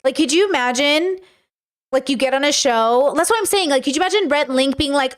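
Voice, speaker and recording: A young woman with a high voice streams at a brisk pace, rambling casually as she reacts to clips for her live chat. Her talk is packed with fillers and swearing.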